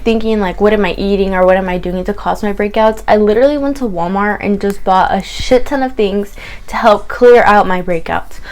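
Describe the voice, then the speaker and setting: Chatty swearing young woman vlogger. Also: medium pitch. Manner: chatty, candid, swears freely, quotes herself in lively asides. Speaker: beauty vlogger. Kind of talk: casual story-time chat to camera.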